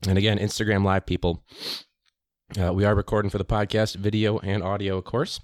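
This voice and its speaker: A man's voice: lowish voice, level tone, brisk, no echo, studio quality. A man, a teacher, hosting his podcast in a casual, rambling monologue full of fillers. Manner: chatty, rambling, many fillers.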